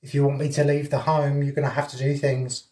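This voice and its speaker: A man's voice: medium pitch, flat delivery, brisk, warm tone. A man streaming a live ghost hunt inside a house, talking to viewers and calling out to spirits in a chatty way. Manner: chatty, addresses viewers and spirits directly, laughs often. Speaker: paranormal investigator streaming live. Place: indoors in a house.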